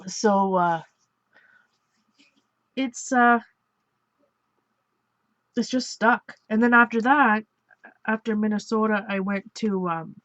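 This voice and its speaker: This Ontario, Canada woman takes it slowly as she chats about her art journal page, drifting from topic to topic with long pauses, frequent laughter and self-corrections. Her medium-pitched voice is a bit bright, with no echo, though the audio is dull.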